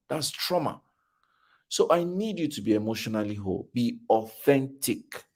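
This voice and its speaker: A middle-aged Nigerian-accented man with a mid-range voice gives a motivational talk at a fathers' conference. He speaks emphatically, repeating his key phrases the way a preacher would.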